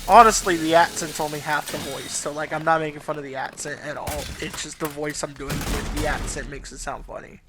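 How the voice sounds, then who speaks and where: A man's voice: fairly high pitch, fairly even intonation, a little fast, hardly any pauses, noisy background. A Southern man giving casual, rambling let's play commentary, swearing and laughing freely. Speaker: gaming YouTuber.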